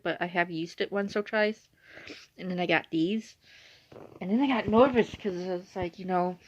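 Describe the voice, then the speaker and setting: Young woman vlogger, low and gravelly, chatty rambler, dry dull phone-quality sound. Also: no echo. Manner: rambling, uses "like" a lot. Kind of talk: casual chatty storytelling. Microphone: phone or device screen.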